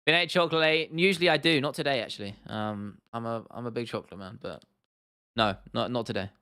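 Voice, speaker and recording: Young southern English man, livestream host, loose and chatty, bright, smooth delivery. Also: mid-range voice, brisk. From southern England. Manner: chatty, laughs often, repeats himself, addresses chat as bro and lad. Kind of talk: casual livestream chat reading viewer comments.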